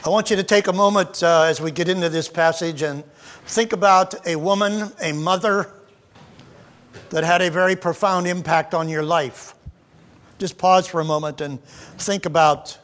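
A man's voice: high-pitched, fairly even intonation, normal speed, fairly bright tone. A man in his seventies, a pastor, preaching a Mother's Day sermon in a folksy, conversational storytelling way. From United States. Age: 70s.

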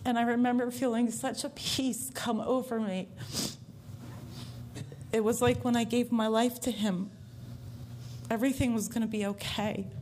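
A woman's voice: a little high, steady tone, moderate pace, pauses often, a little mellow, a little hiss or hum. A woman giving a heartfelt personal faith testimony to a church congregation, telling her story earnestly from the stage.

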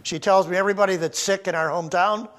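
An older American man in his seventies preaches from the pulpit. His delivery is folksy and conversational, full of warm family anecdotes and light chuckles. His voice sits slightly higher than most men's. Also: steady tone, fast. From United States. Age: 70s. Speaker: pastor. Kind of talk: sermon.

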